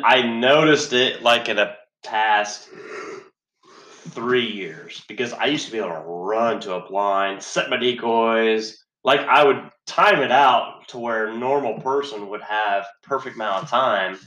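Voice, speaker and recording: A man's voice: fairly low pitch, steady tone, measured pace, pushed and bright, reverberant. A man telling a story in a profane casual chat, swearing heavily, sighing and laughing as he talks.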